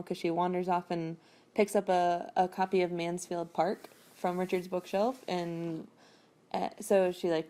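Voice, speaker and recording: A woman with a low, gravelly voice and a mellow, dark tone talks through a book chapter. She rambles and chats in a loose way, dropping fillers and the odd swear word. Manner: rambling, chatty, swears casually, many fillers. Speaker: podcast host recapping a novel. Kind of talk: casual chapter recap.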